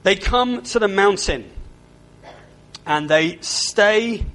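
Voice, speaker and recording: A man's voice: sits high, animated, slow pace, fairly bright tone. A man preaching a sermon, often asking his listeners to agree and repeating his words.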